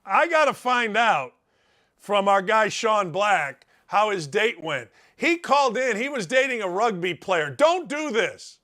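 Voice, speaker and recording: Brash high-pitched sports radio host man. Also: very animated, measured pace. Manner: loud, brash, folksy, ribbing the audience. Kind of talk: animated opinion monologue.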